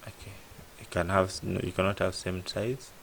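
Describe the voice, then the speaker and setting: A man's voice: low-pitched, flat delivery, moderate pace, vocal fry, slight background noise. A man tutoring app programming in a casual lesson, thinking aloud and asking "what?" before he answers himself. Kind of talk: casual screen-share coding lesson.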